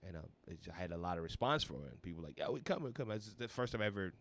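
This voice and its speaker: A man in his thirties, a comedian guest on a podcast, telling a wild party story in casual chat, swearing freely and acting out other people's lines in a raised voice. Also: rapid-fire. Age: 30s. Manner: animated, swearing, acts out quotes in a high voice.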